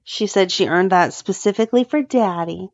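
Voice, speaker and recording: A woman's voice: mid-range voice, normal speed, no echo, dull audio. Woman co-hosting a chatty recap. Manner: animated retelling with playful quoted voices. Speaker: podcast co-host. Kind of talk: casual recap chat.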